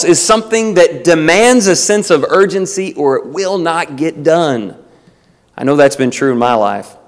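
A man preaching a sermon at a church meeting, emphatic, slowing to stress key words and rising with urgency. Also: medium pitch, in a large hall. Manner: emphatic, shifts between urgent and slow deliberate phrasing. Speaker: visiting preacher.

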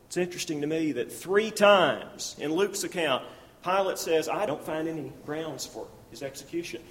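A man's voice: fairly high pitch, expressive, moderate pace, fairly bright tone, in a large hall. A man preaching a sermon, reading scripture aloud and explaining it verse by verse, acting out the speakers' lines as he goes.

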